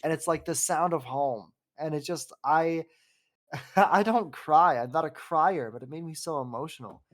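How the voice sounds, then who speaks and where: A man in his twenties, hosting a casual podcast conversation. He rambles openly and warmly through a personal story, circling back and restarting his sentences as he goes. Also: on the high side, normal speed. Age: 20s. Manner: rambling and heartfelt, with frequent fillers and restarts. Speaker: podcast host.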